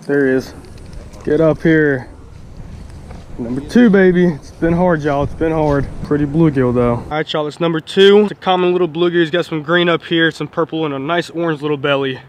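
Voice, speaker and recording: A young man hosting an outdoor fishing vlog, chatty and excited, talking straight to his viewers. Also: a little high, a little fast, few pauses, a little hiss or hum. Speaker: fishing vlogger. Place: outdoors by a pond.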